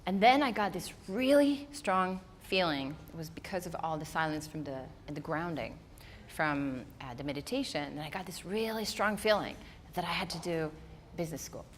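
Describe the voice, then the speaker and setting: A woman who is not a native English speaker, giving a lively storytelling motivational talk to a live audience. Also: fairly low pitch, normal speed, hardly any pauses, a little hiss or hum. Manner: animated storytelling, acting out her own inner voice. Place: event hall before a live audience.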